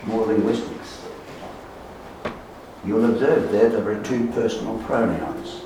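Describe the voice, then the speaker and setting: Slow emphatic preacher in an echoey hall. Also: male voice, fairly low pitch, background noise. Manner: slow, emphatic, repeats key words and trails off softly. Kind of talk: sermon. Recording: roomy echo, voice far from the mic.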